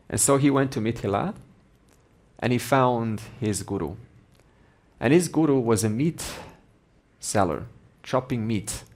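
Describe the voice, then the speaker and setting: A man teaching Vedanta, telling a story in a measured, gently emphatic way. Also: mid-range voice, animated. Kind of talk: storytelling in a spiritual lesson.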